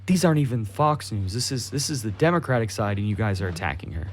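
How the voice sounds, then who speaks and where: A man's voice: fairly low pitch, expressive, fast talker, slight background noise. A young man co-hosting a casual podcast, ranting heatedly with lots of swearing and mocking impressions of the people he criticizes. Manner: profane, heated, mocking voices mid-rant. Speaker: podcast co-host.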